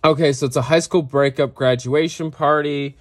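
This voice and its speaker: A young man vlogging casually, excitable and swearing, breaking into off-key singing. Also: on the high side, normal speed. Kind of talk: casual reaction vlog.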